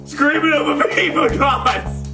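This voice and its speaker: Young guy hyping a pack opening, high voice, booming room, loud music. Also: slow. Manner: loud, excitable, swearing outbursts. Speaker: YouTuber host. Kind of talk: pack opening reaction commentary.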